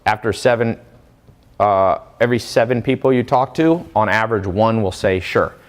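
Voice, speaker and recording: A man giving a casual, energetic motivational talk about earning money, with sudden rises in pitch on key points and quoted people acted out. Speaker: online business coach. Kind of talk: motivational monologue.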